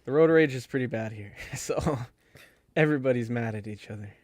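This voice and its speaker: A man's voice: mid-range voice, a little fast, darkish tone, dry recording, studio quality. A man telling casual stories to friends with many fillers. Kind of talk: casual group chat.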